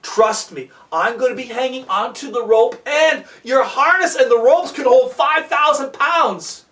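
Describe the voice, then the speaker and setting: A storyteller voicing Jonathan, a calm adult climbing instructor who talks steadily and reassuringly, in a roomy recording from a distance. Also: sits high, measured pace.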